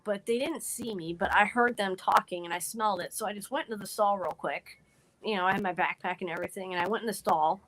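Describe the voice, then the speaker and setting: A woman as a podcast guest, earnestly telling a personal story in a halting way with frequent restarts. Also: medium pitch, a bit bright, rough recording.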